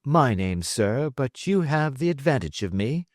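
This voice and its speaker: A man voicing a calm, witty detective who answers threats with bland, quiet irony. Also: mid-range voice, measured pace, dry recording, clean studio sound, pitched above the performer's own voice. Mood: ironic. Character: calm, witty male detective, cool and imperturbable.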